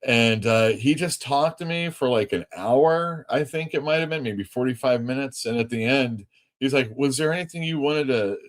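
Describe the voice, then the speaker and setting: A comic shop owner hosting a casual livestream, rambling through anecdotes with many fillers. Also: male voice, mid-range voice, moderate pace. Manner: rambling, lots of fillers, laughs easily.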